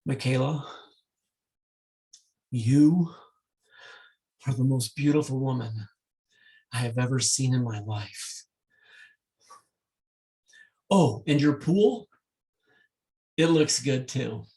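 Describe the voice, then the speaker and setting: A man's voice: medium pitch, slow pace, long pauses, mellow, far from the mic. A man voicing a nervous, earnest young man in love within a told story.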